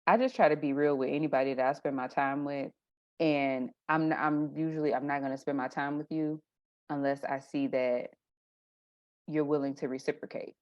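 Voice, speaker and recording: Low-voiced woman telling stories. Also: normal speed, dull audio. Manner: animated storyteller, acts out her own reactions. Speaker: guest. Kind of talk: casual conversation.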